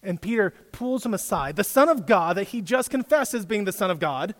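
A man's voice: high voice, lively intonation, a little fast, in a large hall. A man giving a casual sermon as a youth pastor, chatty, quizzing his listeners with questions. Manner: conversational, quizzes the audience. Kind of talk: casual preaching.

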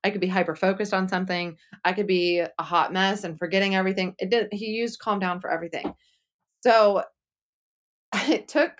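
A young woman speaking candidly as an interview guest, chatty and full of "like" fillers, acting out what others said. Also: on the low side. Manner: chatty, frequent "like" fillers, acts out quotes.

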